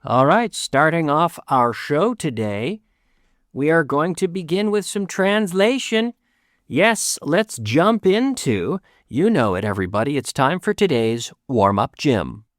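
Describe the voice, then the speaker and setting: A man hosting an English lesson podcast for Spanish speakers, switching between English and Spanish and repeating sentences slowly for learners. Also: fairly high pitch, big pitch swings, dry recording, clean studio sound. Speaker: English teacher and podcast host. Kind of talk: bilingual language lesson.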